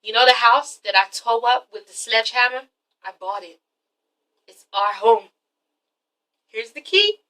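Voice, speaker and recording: A woman quoting a tender young man who speaks softly about a new home together. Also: fairly high pitch, measured pace, pauses often. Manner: soft, hushed, sweet.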